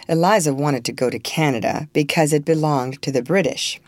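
A woman reading a classic story aloud for children in a clear, lively voice. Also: sits low, fairly quick, dry recording.

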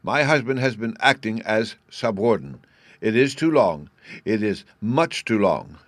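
A man's voice: lowish voice, expressive, measured pace, no room sound. A man voicing an imperious, huge noblewoman who speaks harshly and overbearingly. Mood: indignant. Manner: loud and overbearing.

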